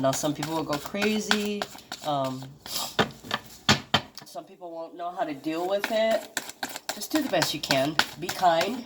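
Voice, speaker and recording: A woman's voice: low voice, heavy background noise. A woman doing a casual tarot card reading for her viewers. She talks chattily, swears freely and exclaims at the cards she draws.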